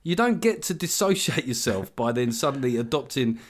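A man in his forties chatting on a podcast as a comedian guest, wry and ranting. His voice sits at an ordinary middle pitch. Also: very animated, normal speed. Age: 40s. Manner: wry, ranting, mimics others in quoted voices. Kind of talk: casual podcast chat.

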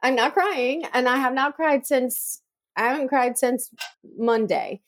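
Chatty middle-aged woman, slightly high voice. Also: unhurried. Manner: chatty, emotional, lots of fillers. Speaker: podcast co-host. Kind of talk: casual chat.

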